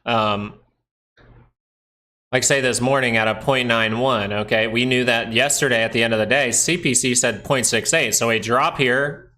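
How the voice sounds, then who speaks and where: A man in the middle of his voice range hosts a live stock market stream, talking through charts in a casual, excitable way. He keeps asking questions and answering them himself. His tone is bright and forceful, close to a desk mic. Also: medium pitch, normal speed. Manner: excitable, thinks aloud, asks himself questions. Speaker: stock market livestream host.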